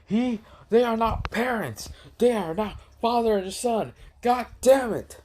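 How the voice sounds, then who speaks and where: A man putting on a flustered ninja teacher, pitched well above the storyteller's own voice and a little distant from the mic. He protests in exasperated bursts. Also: moderate pace, fairly bright tone. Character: indignant adult male ninja teacher.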